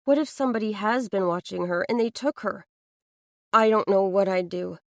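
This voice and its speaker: A woman's voice: mid-range voice, normal speed, no room sound, clean studio sound. Earnest woman narrating an audiobook. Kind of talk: first-person audiobook narration.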